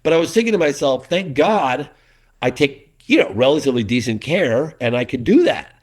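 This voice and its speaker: In an easygoing interview, a middle-aged filmmaker of documentaries tells stories at normal speed and medium pitch. He is animated, restarts a lot, and dramatizes quotes.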